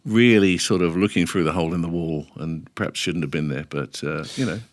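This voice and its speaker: A middle-aged man, a radio DJ telling lively anecdotes in a casual podcast interview and acting out the dialogue. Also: deep voice, a little fast, no room sound. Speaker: radio DJ guest.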